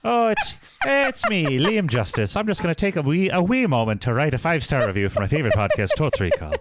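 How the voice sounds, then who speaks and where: A man's voice: fairly high pitch, wildly swooping pitch, a little fast, heavy background noise, pitched above the performer's own voice. A man doing a jokey put-on Irish accent as a gushing podcast fan, hammy and giggling. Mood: goofy, playful. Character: fan doing a cheeky fake Irish brogue.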